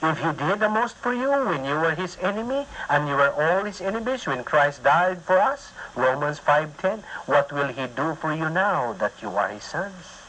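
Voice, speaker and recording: A man's voice: a little high, big pitch swings, moderate pace, hardly any pauses, bright, forceful tone, slight background noise, low-quality recording. A man with a Filipino accent teaching a Bible study as an emphatic sermon, mixing English and Visayan and asking his listeners questions.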